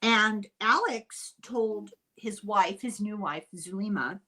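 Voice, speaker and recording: A woman's voice: medium pitch, sharp tone. Older woman, chatty storyteller. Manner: chatty and unhurried, dry asides. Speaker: podcast host. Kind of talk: casual true-crime storytelling.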